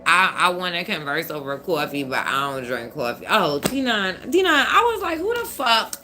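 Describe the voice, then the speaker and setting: A woman tarot reader hosting a casual live stream, loud, profane and teasing, laughing as she talks to viewers. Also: low voice, very animated, normal speed, over music.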